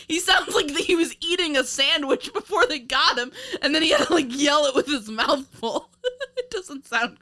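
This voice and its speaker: A woman's voice: sits high, animated, moderate pace, sharp tone. A woman co-hosting a casual film review podcast, rambling with many fillers and restarts and laughing often. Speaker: podcast co-host.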